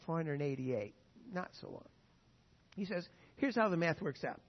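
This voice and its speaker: A man preaching a sermon with an animated, emphatic delivery, often acting out quotes. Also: high-pitched. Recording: dull lo-fi sound with long reverb.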